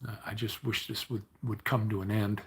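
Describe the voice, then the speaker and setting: An older man chatting casually to his livestream viewers, weary and low on energy, rambling and grumbling with many restarts. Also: little pitch movement, normal speed. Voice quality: gravelly, raspy. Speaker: livestream host.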